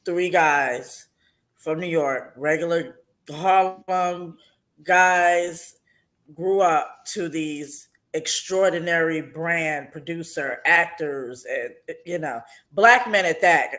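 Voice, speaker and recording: A man's voice: fairly high pitch, slow pace, bright, forceful tone. A man hosting an interview chat, responding supportively and affirming his guest. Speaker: host.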